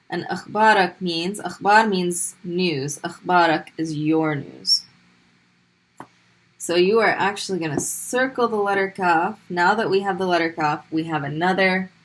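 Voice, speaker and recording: Woman language teacher, slightly low pitch, patient classroom explainer who drills sounds. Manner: patient, repeats sounds slowly and clearly for drilling. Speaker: Arabic teacher. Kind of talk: classroom lesson explaining pronunciation.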